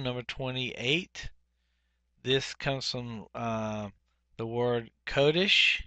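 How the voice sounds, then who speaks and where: A man teaching a Biblical Hebrew workbook lesson, speaking deliberately and saying each Hebrew word twice, with frequent "uh" fillers. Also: mid-range voice, sharp tone, no room sound. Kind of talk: workbook lesson, explaining grammar.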